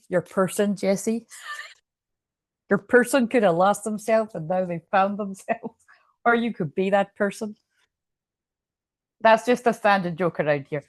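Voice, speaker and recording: Scottish woman, tarot reader, casual and rambling, low-ish voice, dry close recording. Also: no room sound. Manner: rambling, chatty, swears freely. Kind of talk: casual tarot reading to viewers. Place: room at home.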